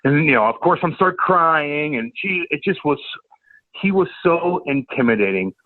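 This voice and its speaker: A man's voice: on the high side, lively intonation, moderate pace, dry recording. A man from St. Louis, a former hockey enforcer telling stories as a podcast guest, profane and stammering with repeated words. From St. Louis, USA. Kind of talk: casual chat, storytelling. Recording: tinny phone-like line, dry.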